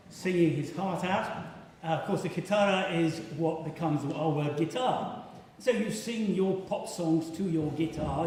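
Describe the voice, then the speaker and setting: Animated male lecturer in an echoey hall. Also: recorded from a distance. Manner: animated, sings short pitch examples to illustrate. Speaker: classics lecturer. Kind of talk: live public lecture with slides. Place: large hall at a live evening event. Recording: echoey hall, voice picked up from afar.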